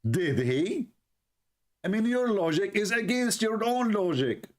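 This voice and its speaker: A livestream host, not a native speaker, talks in a high, sing-song, unhurried voice. Mocking the clip he plays, he keeps repeating sarcastic rhetorical questions.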